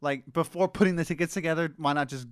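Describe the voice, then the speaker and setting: A relaxed man with a slightly high voice in a casual chat, recorded dry and close. He swears offhandedly and laughs along with his friend. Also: quick pace, clean tone, no room sound.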